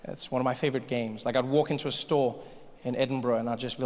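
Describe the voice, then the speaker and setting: Man doing standup in a big echoey hall, bit of crowd hum, animated, slips into voices. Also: medium pitch, fast. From Africa. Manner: animated, jumps into put-on voices. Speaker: stand-up comedian. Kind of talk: stand-up storytelling. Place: large comedy venue. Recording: live comedy hall with long reverb.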